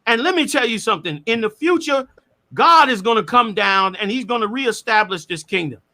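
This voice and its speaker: A man argues in a heated debate, high in pitch and bright in tone. He speaks forcefully and preachily and breaks into shouts, his pitch rising and falling with energy. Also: animated, brisk. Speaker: debater challenging a rabbi.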